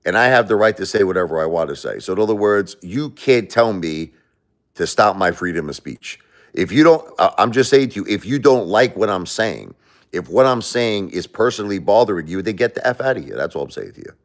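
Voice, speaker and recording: Middle-aged American man, deep voice, livestream host, blunt and emotional. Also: lively intonation, fairly quick. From United States. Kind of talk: livestream rant.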